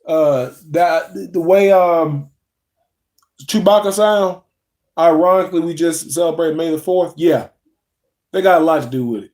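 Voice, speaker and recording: Chatty livestreamer with a drawl. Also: male voice, sits high, moderate pace, pauses often, a little mellow. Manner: loose and chatty, reading chat aloud, yawning. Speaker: livestream host. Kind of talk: casual livestream chat.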